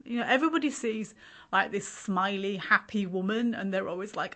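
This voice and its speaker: A woman's voice: medium pitch, fairly quick, fairly bright tone. A middle-aged woman talking casually and telling stories, laughing often and acting out what others said. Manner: chatty storyteller, laughs often, acts out quotes of others. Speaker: podcast host sharing her story. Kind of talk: casual chat.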